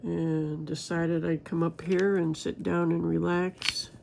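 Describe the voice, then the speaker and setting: A woman in a relaxed crafting vlog, rambling through everyday stories and asking her viewers questions. Her voice is gravelly and stays fairly flat in pitch. A faint hum of noise sits under the talk. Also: slow. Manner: rambling, chatty, talks straight to viewers. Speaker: crafting vlogger. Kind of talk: casual chat while diamond painting.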